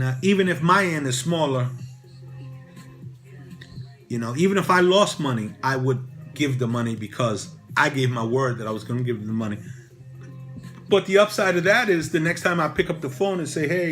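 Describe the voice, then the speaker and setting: A man's voice: mid-range voice, normal speed, long pauses, a bit bright, faint music behind. A man giving casual motivational advice to camera, rambling with many "you know" fillers. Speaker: real estate broker and channel host.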